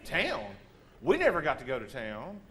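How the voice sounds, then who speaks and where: Texan guy in his 40s, kinda high voice, drawly and self-mocking, cracking jokes on stage. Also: wildly swooping pitch, normal speed, a bit bright, a little hiss or hum. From Texas. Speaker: humorous speaker. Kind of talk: comic storytelling speech.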